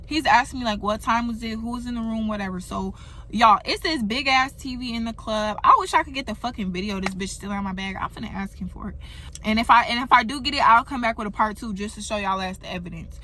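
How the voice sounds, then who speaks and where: A young woman telling a storytime vlog, animated and profane, talking straight to her viewers. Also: fairly high pitch, fast, a little hiss or hum. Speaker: vlogger. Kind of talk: storytime monologue.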